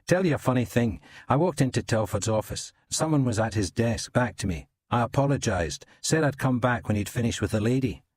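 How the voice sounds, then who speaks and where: A man's voice: medium pitch, expressive, brisk, few pauses, slightly rough, dry recording, pitched above the performer's own voice. A man voicing a wry detective telling an amused anecdote.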